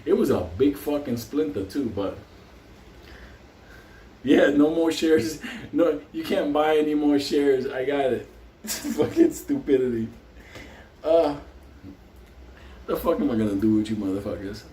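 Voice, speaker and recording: A man's voice: a little high, animated, a little slow, long pauses, mellow. A man hosting his show, telling a story in a casual, rambling, heavily profane way and laughing often. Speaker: host. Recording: roomy, distant, faint hiss.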